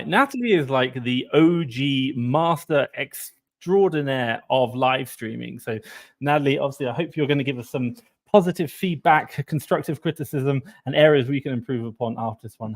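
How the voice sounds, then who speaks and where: Man, live stream co-host, chatty, upbeat, quick asides, video call. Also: mid-range voice, fairly bright tone. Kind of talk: casual live stream chat.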